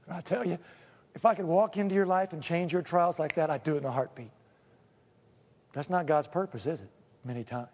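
A pastor preaching a sermon, joking one moment and pleading solemnly the next. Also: male voice, on the high side, brisk, long pauses, a little mellow, in a large hall.

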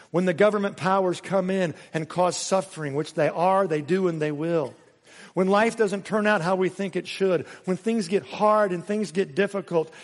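A man's voice: high voice, in a large hall. A man preaching a sermon as pastor, earnest and building to emphatic repeated phrases. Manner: earnest, rising to emphatic repetition.

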